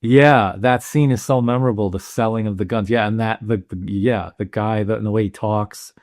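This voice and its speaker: Thoughtful, low-voiced male podcast co-host. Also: steady tone, darkish tone, no echo, studio quality. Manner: thoughtful, halting, with restarts and questions. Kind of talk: casual film discussion.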